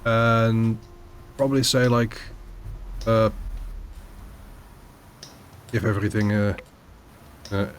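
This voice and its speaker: A man streaming a tabletop game session, speaking in a halting way full of fillers. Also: lowish voice, fairly even intonation, a little hiss or hum. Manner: halting, filler-heavy speech. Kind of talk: casual chat.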